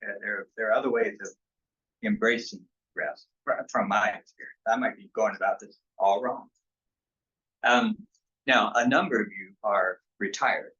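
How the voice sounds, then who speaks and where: A pastor leading a small group talk, with a lowish but bright, forward voice. He speaks in a relaxed way, with plenty of ums and little laughs. The recording sounds a bit dull and lo-fi. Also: moderate pace. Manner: relaxed, chuckles often, many ums. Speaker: pastor leading a book study. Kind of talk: casual group discussion.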